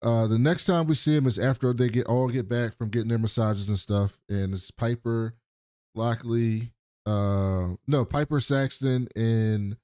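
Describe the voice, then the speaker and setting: A man's voice: medium pitch, measured pace, warm tone, clear, resonant tone, no echo, studio quality. A man co-hosting a podcast, casually and profanely retelling scenes from a TV episode. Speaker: podcast co-host. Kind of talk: casual TV recap chat.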